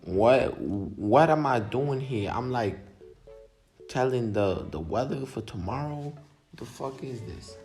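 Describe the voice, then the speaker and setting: A man's voice: mid-range voice, lively intonation, slow, darkish tone, soft background music. A young man vlogger casually commenting on his own silent video, laid-back, swearing and mocking himself.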